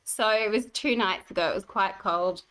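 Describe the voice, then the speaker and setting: Woman, pregnant, podcast co-host, casual chat, lively storytelling. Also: mid-range voice, moderate pace, clear, resonant tone, rough recording. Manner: animated storyteller, acts out quoted voices.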